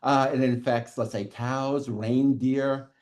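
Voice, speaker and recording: A middle-aged man giving a university lecture in a classroom, animated and chuckling, often checking in with "okay". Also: mid-range voice, takes it slowly.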